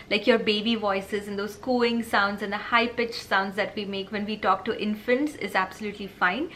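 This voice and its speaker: A woman's voice: mid-range voice, a bit bright, slight background noise. A woman vlogging parenting advice in a casual, earnest, explanatory way, often checking in with "right?". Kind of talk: casual advice talk to camera.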